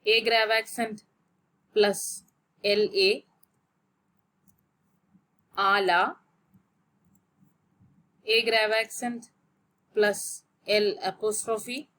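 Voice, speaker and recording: Slow, careful woman teaching grammar. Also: mid-range voice, level tone, fairly bright tone. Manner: slow, explains step by step and spells out letters. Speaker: French teacher. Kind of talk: grammar lesson.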